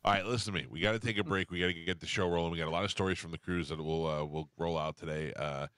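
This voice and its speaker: A man's voice: low-pitched, steady tone, fairly bright tone, no echo. A man hosting a morning radio show, telling loose stories in casual chat. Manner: loose storytelling, quick asides.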